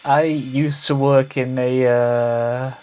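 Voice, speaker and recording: A man co-commentating a live speedrun race, reacting quickly to the action with light teasing. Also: mid-range voice, fairly even intonation, a little mellow, clear, resonant tone, faint music behind.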